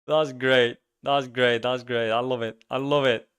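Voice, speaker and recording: A man's voice: medium pitch, fairly even intonation, unhurried, a bit bright, clean tone. A man hosting a casual solo podcast, speaking emphatically and ranting with frequent repeats. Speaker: podcast host.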